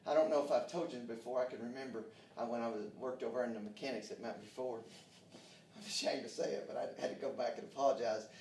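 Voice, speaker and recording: Fervent preacher, echoey and distant. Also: male voice, mid-range voice, steady tone, fast, a little mellow, a little hiss or hum. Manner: folksy, fervent preaching with frequent amens. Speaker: pastor. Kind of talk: sermon. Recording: roomy echo, distant from mic.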